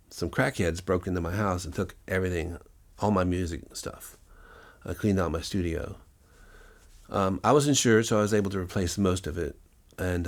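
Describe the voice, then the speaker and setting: A man who is a musician and music teacher, telling stories in an interview in a rambling, anecdotal way, with many fillers and restarts. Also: low voice. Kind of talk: interview storytelling.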